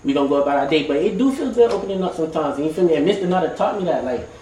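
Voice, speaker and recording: A man's voice: fairly high pitch, expressive, rapid-fire, warm tone, a little hiss or hum. A young man sharing a heartfelt story in a group circle, in loose slangy talk that keeps coming back to "you feel me" and "like". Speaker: team member sharing his story. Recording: roomy, from a distance.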